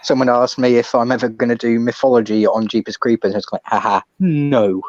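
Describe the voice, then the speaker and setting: Male stream guest, mid-pitched, earnest and measured, dry close mic. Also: fairly even intonation, darkish tone, dry recording, dull audio. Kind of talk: casual chat on a watch stream.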